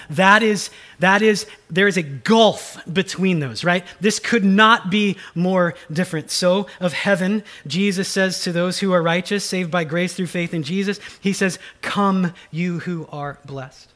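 Guy with a high voice preaching, earnest and emphatic, reads scripture then explains. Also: fairly bright tone. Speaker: pastor. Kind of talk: sermon.

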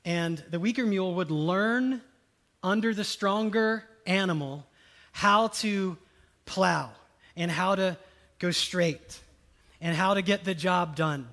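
Pastor preaching, fairly high voice. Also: male voice, slow. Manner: conversational, swings from loud emphasis to soft hushed tones. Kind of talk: sermon.

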